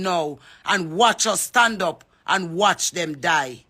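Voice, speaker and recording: A woman's voice: lowish voice, lively intonation, slow, few pauses, bright, forceful tone. Fervent Jamaican woman speaking out. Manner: fervent, calls out names, mixes patois with English. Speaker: reggae artist speaking out. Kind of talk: impassioned social media address.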